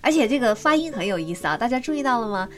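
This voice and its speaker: Lively bilingual woman teacher with music. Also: a little high, very fast. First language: Chinese. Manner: spells out words letter by letter and explains in Chinese. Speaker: English teacher, podcast co-host. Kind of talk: bilingual podcast lesson chat.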